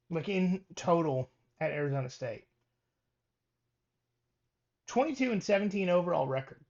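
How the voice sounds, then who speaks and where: A podcast co-host chats casually about sports, reading through records with lots of ums and restarts. His voice is on the high side and creaky, and the audio sounds dull.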